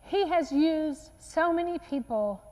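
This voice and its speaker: A woman's voice: sits high, expressive, takes it slowly. A woman preaching a sermon, retelling a Bible story in an earnest storytelling manner. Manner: earnest storytelling, acts out quotes softly. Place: church sanctuary. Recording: long church reverb.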